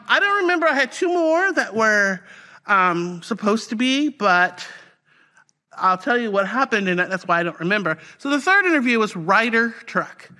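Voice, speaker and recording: Bright-voiced woman pastor telling her story. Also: mid-range voice. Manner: conversational, animated storytelling with fillers. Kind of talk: personal testimony sermon.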